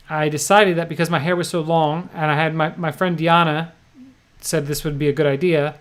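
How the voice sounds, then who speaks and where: A man's voice: fairly high pitch, smooth. A middle-aged man with a New Jersey accent, co-hosting a livestream and reading viewer comments in a laid-back, joking way. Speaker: livestream co-host.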